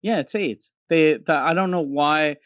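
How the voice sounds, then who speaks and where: A man co-hosting a casual comedy podcast, talking haltingly with many restarts. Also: on the high side, fairly bright tone, dry recording, muffled recording. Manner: halting, repeats and restarts often. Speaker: podcast co-host.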